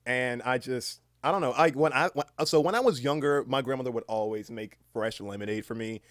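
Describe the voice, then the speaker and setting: A man chatting casually on a live stream, rambling and swearing freely, reading aloud haltingly with lots of fillers. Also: medium pitch, fairly bright tone, no room sound, clean studio sound. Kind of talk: casual livestream chat.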